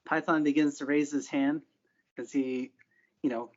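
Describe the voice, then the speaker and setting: A man's voice: fairly high pitch, a little slow. Man narrating as a tabletop game master. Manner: relaxed storyteller, voices characters in quotes. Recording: slightly dull lo-fi podcast audio.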